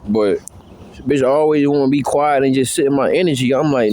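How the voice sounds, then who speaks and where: A man's voice: mid-range voice, fairly quick, warm tone, a little hiss or hum. Slangy, profane man rambling outdoors. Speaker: vlogger. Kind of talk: casual monologue.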